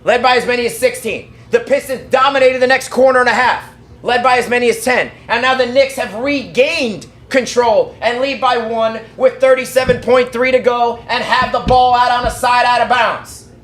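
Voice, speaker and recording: High-voiced male play-by-play caller. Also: reverberant. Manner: rapid excited calls that rise to shouting at big plays. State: out of breath. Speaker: fan play-by-play commentator. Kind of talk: live play-by-play commentary.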